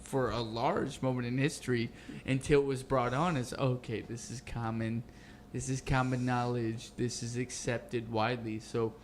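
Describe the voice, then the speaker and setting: A man chatting casually as a guest, halting and repeating his words as he talks. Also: mid-range voice, little pitch movement, slight background noise. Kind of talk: casual chat.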